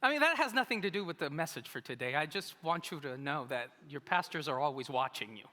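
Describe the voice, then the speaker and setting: A man preaching a sermon as pastor, telling a story with animated, humorous delivery. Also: on the high side, fast talker. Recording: long reverb of a large hall.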